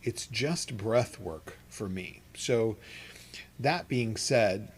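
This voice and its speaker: Low-ish guy teaching chanting at home, laid back, trails off and laughs a bit, faint hum behind. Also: extremely slow. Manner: relaxed, rambling, with frequent restarts and soft laughs. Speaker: meditation teacher. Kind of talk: guided chanting instruction. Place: home studio with an open window.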